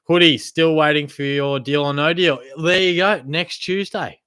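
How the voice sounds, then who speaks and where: A man's voice: a little high, fairly even intonation, moderate pace, pushed and bright, clear, resonant tone, dry recording, clean studio sound. A man with an Australian accent hosting a livestream, reading out chat questions and answering in laid-back banter. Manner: chatty, laid-back banter with swearing and laughs. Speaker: livestream host.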